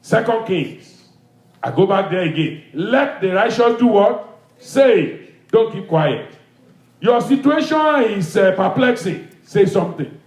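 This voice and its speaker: A man's voice: sits high, big pitch swings, slow. A male pastor preaching an emphatic, repetitive sermon with call-and-response, in a church hall.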